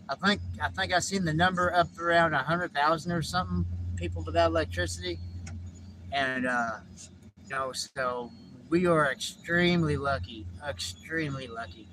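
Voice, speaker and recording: A man with a high voice, chatting on a live stream from inside his vehicle. He rambles and cusses casually, circling back to repeat himself, with faint outdoor noise behind him. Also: normal speed. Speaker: livestreamer.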